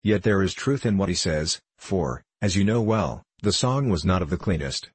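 A man reading the part of a big, strong, steady-tempered comrade. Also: low-pitched, normal speed, slightly rough, no room sound. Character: huge, strong young man, calm and loyal.

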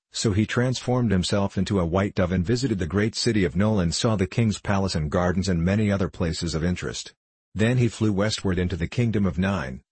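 Deep, husky male storybook narrator. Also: no echo. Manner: steady, measured reading.

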